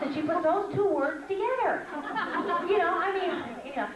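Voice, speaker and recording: A woman's voice: sits high, animated, fairly quick, far from the mic, a loud crowd, very noisy. Older woman teaching in an echoey hall. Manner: chatty, humorous, storytelling. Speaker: speaker at a women's conference. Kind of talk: conversational teaching talk to women. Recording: echoey hall, mic from afar.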